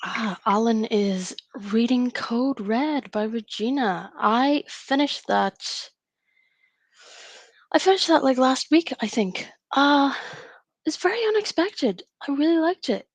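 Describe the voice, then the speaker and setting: A woman's voice: fairly high pitch, expressive, takes it slowly, dry recording. Chatty woman thinking aloud. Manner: chatty and rambling, thinking aloud between tasks. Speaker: writer hosting a live writing stream. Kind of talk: casual live-stream chat.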